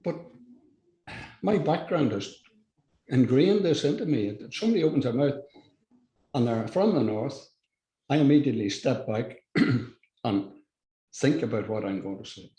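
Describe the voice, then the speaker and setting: An older Irish man, a podcast guest, talking in a halting, blunt way with frequent restarts and swearing. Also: mid-range voice, expressive, warm tone, reverberant, rough recording. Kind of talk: casual conversational interview.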